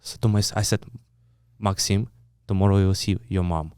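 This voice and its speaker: A man with a Ukrainian accent, speaking English as a second language, his voice low and smooth. He tells his story bluntly, cursing freely and restarting his sentences often. The sound is close and dry, with no room around it. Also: fairly even intonation, fairly quick, a little mellow, no room sound. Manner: blunt, swears often, acts out quoted dialogue; broken English, frequent restarts. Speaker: guest. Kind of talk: storytelling in an interview.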